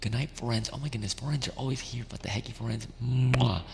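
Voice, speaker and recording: A man streaming ASMR, talking gently and affectionately, laughing often and slipping between a whisper and a soft voice. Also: medium pitch, fast, vocal fry, long reverb tail.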